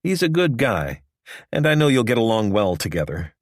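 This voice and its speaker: A man doing a soft Southern banker. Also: fairly low pitch, sing-song, no room sound, clean studio sound. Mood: reassuring. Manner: soft, slow, reassuring. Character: friendly male banker, soft-spoken.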